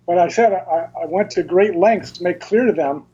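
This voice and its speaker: A man as an interview guest, explaining things carefully and in detail, with halting restarts, over dull lo-fi remote audio. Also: high voice, mellow, husky.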